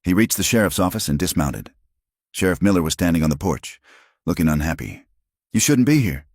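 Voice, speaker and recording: A man with an extremely deep, low voice narrates a western audiobook. His delivery is measured and even, recorded close and completely dry. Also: husky, no echo.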